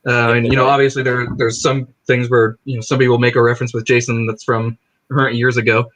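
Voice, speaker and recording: A man speaks as a guest actor at a middle pitch. He pauses often and leans on fillers as he gathers his thoughts. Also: flat delivery, fairly bright tone, poor audio. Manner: hesitant, many fillers. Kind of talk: casual chat.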